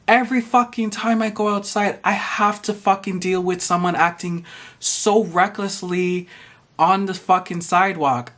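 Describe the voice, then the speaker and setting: A man's voice: high-pitched, fairly bright tone. A man ranting to camera in a vlog, exasperated, profane and sassy. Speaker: vlogger. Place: Toronto.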